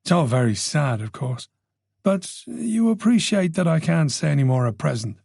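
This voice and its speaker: Casting: a guarded, modest middle-aged detective, read by a male narrator, husky and gravelly. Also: on the high side, sing-song, normal speed, darkish tone, no room sound, studio quality, full character voice. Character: reserved middle-aged male police chief inspector.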